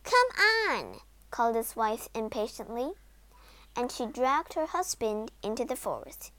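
A woman narrating a children's storybook aloud in an animated, dramatic way. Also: on the high side, normal speed. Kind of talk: expressive storybook read-aloud.

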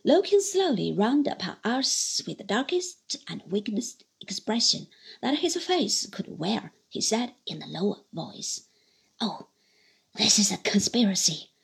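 A woman reading a classic novel aloud as an audiobook, with an expressive, varied delivery. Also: a little high, unhurried, creaky, slightly rough. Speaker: audiobook reader. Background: soft background music.

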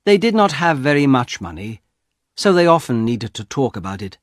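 A man narrating a graded-reader audiobook, slowly and with clear, expressive delivery on a close mic. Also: mid-range voice, dry recording. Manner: slow, clearly articulated, expressive.

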